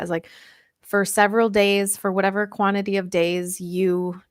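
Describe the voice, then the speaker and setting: A woman's voice: on the low side, dry recording. American woman, live-stream host and diet coach, chatty and giggly, dry sound. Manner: chatty, reads out viewer comments, laughs often. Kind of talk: casual live-stream Q&A chat.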